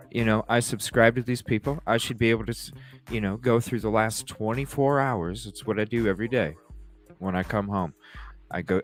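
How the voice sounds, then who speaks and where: A man hosting a live call-in talk stream, chatting casually with viewers, rambling, swearing freely and laughing often. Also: on the low side.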